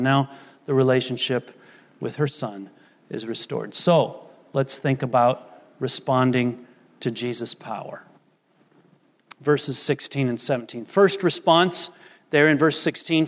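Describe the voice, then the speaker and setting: Male pastor, emphatic sermon delivery, slightly high voice, long hall reverb. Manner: animated preaching, emphatic, slows on key phrases.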